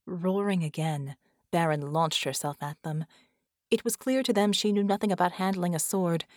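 A woman reading an audiobook in a measured, expressive narration. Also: on the low side, dry recording, clean studio sound. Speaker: audiobook reader. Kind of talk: scripted narration.

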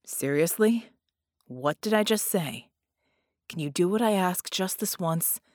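A woman doing a gruff, commanding male genie. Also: fairly low pitch, animated, measured pace, darkish tone, no echo, clean studio sound. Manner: clipped, commanding.

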